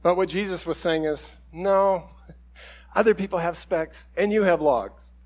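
High-voiced man giving a chatty sermon. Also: a little slow, a little mellow. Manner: conversational storytelling with quoted voices; self-deprecating humor with chuckles. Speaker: pastor.

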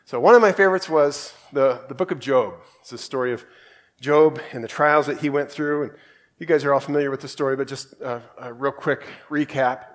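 A man's voice: medium pitch, brisk. A man from Australia giving a casual, conversational sermon and reading scripture aloud. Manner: conversational, acts out quoted voices, reads scripture aloud. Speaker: preacher.

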